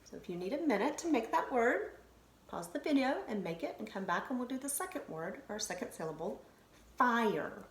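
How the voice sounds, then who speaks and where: Woman, elementary teacher, slow deliberate phonics delivery, animated intonation, roomy recording with faint hiss. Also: a little high. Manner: slow, sounding out syllables and letters. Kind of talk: phonics lesson to children on video. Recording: roomy echo, faint noise.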